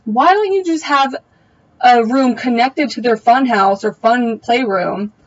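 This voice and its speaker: A woman's voice: a little high, unhurried, dull audio. A young woman giving a casual, opinionated recap of a TV episode, full of slangy asides. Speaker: TV recap vlogger.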